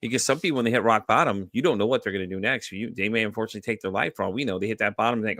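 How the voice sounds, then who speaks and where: A man's voice: on the low side, racing, few pauses, no room sound. A man hosting a podcast in casual interview chat, telling stories animatedly and acting out the voices of people he quotes. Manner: animated storyteller who acts out quoted voices. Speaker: podcast host.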